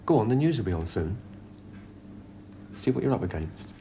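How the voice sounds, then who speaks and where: An actor playing a tough, steady middle-aged police sergeant in a TV police drama, firm and coaxing in a voice. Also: male voice, lowish voice, normal speed, vocal fry, a little hiss or hum. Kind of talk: television police drama acting.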